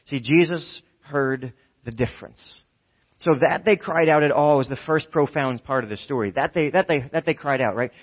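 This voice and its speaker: A man preaching a conversational sermon, talking casually, often asking "right?" and swinging from hushed tones to near shouting. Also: mid-range voice, normal speed. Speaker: pastor. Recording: dull lo-fi sound.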